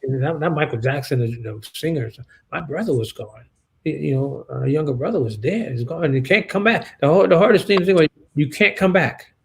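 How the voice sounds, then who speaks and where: Brief: male interview guest, gravelly tone, subdued, halting storyteller. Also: on the high side, poor audio. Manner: halting, many restarts and fillers; shaken and subdued. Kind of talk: emotional personal storytelling.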